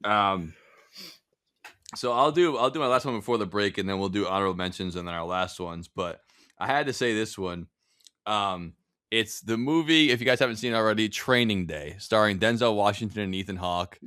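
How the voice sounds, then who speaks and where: A man co-hosting a casual podcast chat, retelling film scenes with lots of energy and breaking into laughter. His voice is bright and forceful, recorded close and dry with no room sound. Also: fairly low pitch, fairly quick, clear, resonant tone, no echo. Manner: animated storyteller, acts out movie lines, laughs often, swears. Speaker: podcast co-host.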